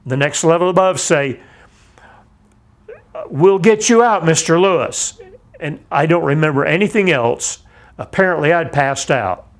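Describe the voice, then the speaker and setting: An older man, a navy veteran, telling a vivid personal account in a measured, plain-spoken way. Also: medium pitch. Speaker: navy veteran recounting his experience. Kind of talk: personal testimony.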